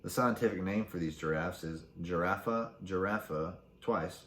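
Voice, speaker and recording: A man with a fairly low voice runs a casual solo podcast, reading out facts and throwing in crude jokes. His voice bounces around an echoey room. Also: normal speed, fairly bright tone, a little hiss or hum. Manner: crude joking while reading facts aloud. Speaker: podcast host.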